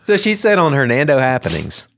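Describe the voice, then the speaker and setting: A man, co-hosting a podcast in casual chat, telling animated stories and laughing often. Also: mid-range voice, brisk, no echo. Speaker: podcast co-host.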